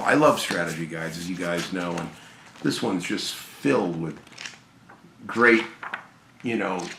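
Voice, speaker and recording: A tired, hoarse man chatting casually and gratefully about games he received, rambling with fillers and restarts. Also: lowish voice, sharp tone, reverberant, a little hiss or hum. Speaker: gaming channel host. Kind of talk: casual video chat about game pickups.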